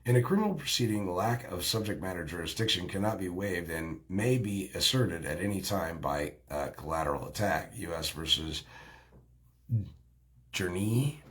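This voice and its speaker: Low-voiced man reading legal citations. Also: lively intonation, fairly bright tone. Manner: halting, stumbles over case names and citations. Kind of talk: reading legal text aloud.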